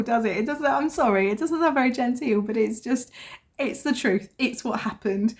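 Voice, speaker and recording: A woman's voice: fairly high pitch, normal speed. A woman in her thirties, a vlogger chatting casually and telling a family story with self-deprecating humour. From England. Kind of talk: casual chat.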